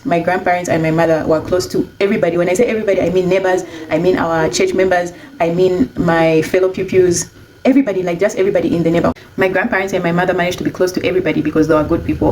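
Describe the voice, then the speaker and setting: A young adult woman casually telling a personal story, chatty and animated when she quotes herself. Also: fairly low pitch, rough recording.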